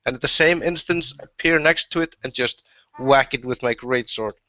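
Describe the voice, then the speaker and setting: A man playing a tabletop game, eagerly describing his attacks with halting restarts. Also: medium pitch, bright, forceful tone, dry recording. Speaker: player. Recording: dry, dull lo-fi recording.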